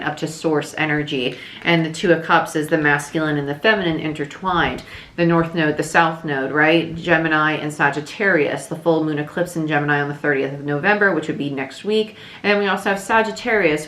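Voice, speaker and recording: A woman giving a casual, chatty tarot reading to camera, thinking aloud with fillers, a little hoarse. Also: low-pitched, fairly bright tone, echoey room. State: slightly losing her voice. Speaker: tarot reader.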